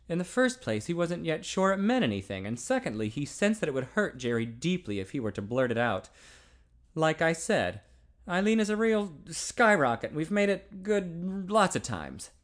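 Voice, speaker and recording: A man narrating a novel aloud in an expressive way. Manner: expressive, pitch swinging widely. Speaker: audiobook narrator.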